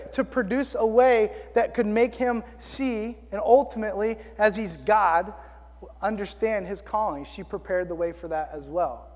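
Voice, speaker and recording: A man preaching a sermon in an animated, excitable way, full of casual fillers. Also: sits high. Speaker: pastor. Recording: long reverb of a hall.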